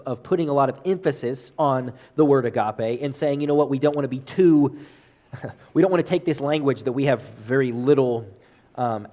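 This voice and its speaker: A man's voice: medium pitch, a little mellow. A man teaching a church Bible class off the cuff, earnest and hesitant, full of restarts and fillers.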